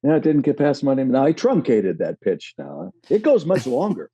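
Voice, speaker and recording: A man guest on a podcast telling animated, rambling stories in casual chat. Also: mid-range voice, moderate pace, breathy edge, dull audio.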